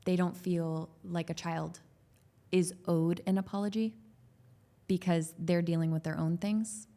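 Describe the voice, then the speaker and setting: A woman's voice: on the low side, fairly even intonation, a little slow, dark tone. A woman who works as a growth coach and is a parent of young children. She talks about parenting as a podcast guest, in an earnest, loose way with many "like"s and restarts.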